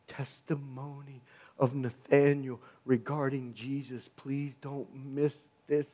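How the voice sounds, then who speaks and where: A man's voice: medium pitch, level tone, takes it slowly, mellow. A man preaching a sermon in a fervent, emphatic way, repeating phrases for stress.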